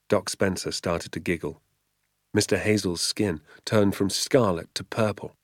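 Deep-voiced man reading an audiobook. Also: fairly even intonation, no echo, studio quality. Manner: measured, vivid storytelling. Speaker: audiobook reader. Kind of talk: audiobook narration.

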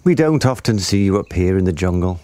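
A man's voice: low voice, animated, a little fast, warm tone, no room sound. A man voicing a cheerful roly-poly bird with a sing-song lilt. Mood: cheery.

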